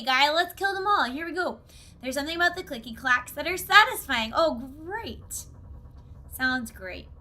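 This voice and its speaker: A woman's voice: sits high, sharp tone. A woman chatting with viewers on a casual gaming live stream, bubbly and giggly, recorded on a desk mic at home.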